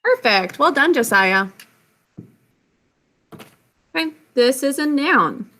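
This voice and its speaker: A woman's voice: high-pitched, sing-song, slow pace, sharp tone. A woman teaching a spelling and phonics lesson, sounding out words carefully and praising her pupils often.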